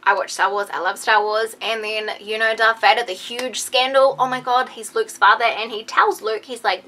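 A young woman chatting excitedly to her viewers in a casual vlog, full of "like" and quick asides. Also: a little high. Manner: excitable, animated, lots of "like". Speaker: beauty vlogger.

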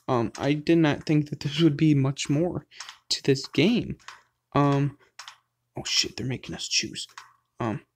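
A gaming host in the middle of a let's play, voice sitting at an ordinary middle pitch. The talk is casual and addressed to viewers, breaking into startled, loud, profane outbursts. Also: slightly rough. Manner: excitable, loud outbursts, frequent swearing; talks straight to viewers.

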